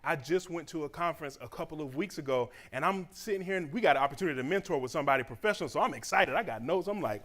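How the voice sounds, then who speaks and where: A man from Southeast Georgia, giving a lively, conversational motivational speech at a church graduation celebration. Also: a little high, racing, hardly any pauses. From Southeast Georgia, USA. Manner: animated and conversational, acting out quoted voices.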